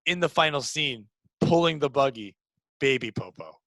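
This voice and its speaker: A man hosting a casual comedy podcast, riffing excitably on a movie idea and bursting into shouted bits. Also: medium pitch, moderate pace, no echo, low-quality recording. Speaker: podcast host.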